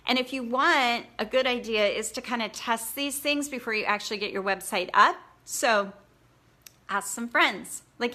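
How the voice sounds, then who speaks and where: Bright-voiced chatty woman coach. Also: a little high, moderate pace. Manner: chatty, encouraging, filler-heavy. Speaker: blogging coach. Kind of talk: casual live training talk.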